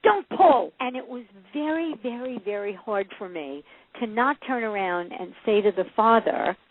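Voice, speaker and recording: A woman's voice: medium pitch, normal speed. A woman being interviewed as a parenting coach, telling stories with lots of laughs and acting out the voices of the people in them. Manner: lively storyteller who acts out quoted voices and laughs often. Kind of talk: casual interview chat. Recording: phone-line audio.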